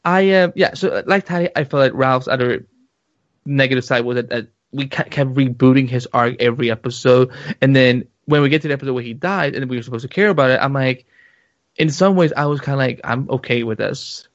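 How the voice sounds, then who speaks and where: A man co-hosting a casual podcast, talking in an animated, excitable way with many restarts. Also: mid-range voice, a little fast, no room sound. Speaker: podcast co-host. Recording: dull muffled lo-fi sound.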